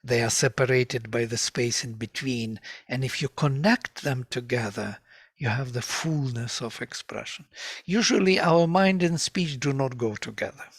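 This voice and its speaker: A man teaching a lecture on ancient scripture, speaking deliberately and chanting verses in a measured rhythm. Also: mid-range voice, husky, dry recording, clean studio sound.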